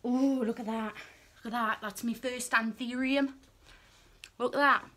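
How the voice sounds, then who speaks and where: A woman chatting on a casual vlog, excitable and cheeky, swinging between gushing and hushed asides. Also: a little high, unhurried. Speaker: vlogger.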